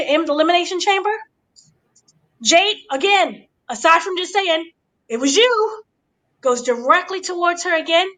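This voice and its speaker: Bright, high-voiced woman gossiping animatedly. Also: poor audio. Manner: acts out quotes with gasps and dramatic voices; playful, gossipy storytelling. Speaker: entertainment editor recapping wrestling. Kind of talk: animated recap chat.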